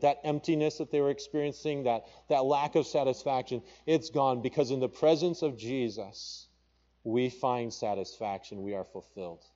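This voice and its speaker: On a lo-fi recording, a man speaks in a dark-toned, mid-range voice. He is a pastor with a Papua New Guinean accent, preaching and quoting King James scripture with steadily rising emphasis.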